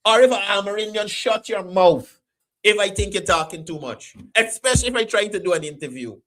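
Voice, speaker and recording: A man hosting a call-in talk show, animated and repeating his phrases. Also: sits high, fast talker.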